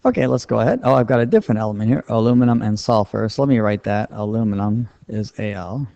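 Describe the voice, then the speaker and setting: Gravelly-voiced man teaching chemistry. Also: fairly low pitch, animated, fast talker, dark tone, no room sound. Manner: patient, step-by-step, plain-spoken. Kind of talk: explaining a lesson while writing on a board. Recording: dull lo-fi dry recording.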